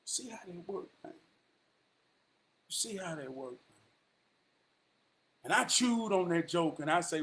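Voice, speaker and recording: High-voiced man giving street-wise advice. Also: expressive, measured pace, pauses often, a bit bright, a little hiss or hum. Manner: drawling, calls listener "man" often. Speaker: vlogger. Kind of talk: rambling motivational monologue.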